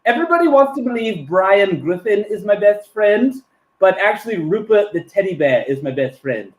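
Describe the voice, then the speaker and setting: A man's voice: sits high, sing-song, moderate pace. A man doing an impression of a pompous, scheming cartoon baby boy, in a smug, conspiratorial way. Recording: echoey room.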